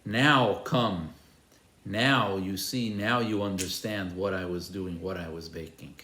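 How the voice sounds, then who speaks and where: A man voicing a patient farmer who answers softly and steadily. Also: steady tone, exaggerated voice. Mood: calm. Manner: low, soothing and unhurried. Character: calm, patient old-fashioned male farmer. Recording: roomy echo.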